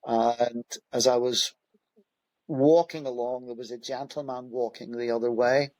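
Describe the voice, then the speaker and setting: A middle-aged man serving as a police commissioner recounts stories in a relaxed interview. He speaks in an easy, rambling way, full of fillers and restarts, with a mid-range voice. The recording is dry and close, with no room sound. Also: medium pitch, a little slow, no echo, lo-fi sound. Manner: conversational, frequent fillers and restarts. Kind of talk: anecdotal interview storytelling.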